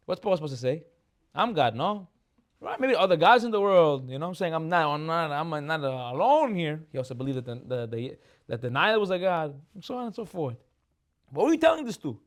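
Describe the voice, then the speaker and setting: A young man giving a lively Torah class, laughing often and dropping Hebrew terms into his English. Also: high-pitched. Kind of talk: lively sermon on the weekly portion.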